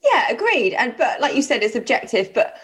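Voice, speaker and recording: Giggly, high-voiced woman podcast co-host. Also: big pitch swings. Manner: giggly, playful, quick to join in. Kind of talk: casual banter.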